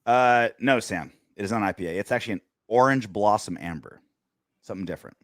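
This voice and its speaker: A man's voice: on the low side, brisk, no room sound, studio quality. A man co-hosting a post-game football podcast, bantering crudely and joking. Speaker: podcast co-host.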